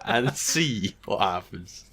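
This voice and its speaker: A man's voice: fairly low pitch, animated, slow, a bit bright, husky. A man co-hosting a podcast, playfully narrating an improvised comedy scene with laughing asides. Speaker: podcast co-host. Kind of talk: improvised comedy role-play.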